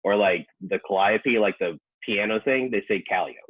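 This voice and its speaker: A man's voice: on the low side, moderate pace, slightly rough, narrow, tinny audio. A man who works as a professional cook, a podcast guest chatting casually and hesitantly, often restarting his sentences. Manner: hesitant, full of restarts, laughs easily. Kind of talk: casual chat.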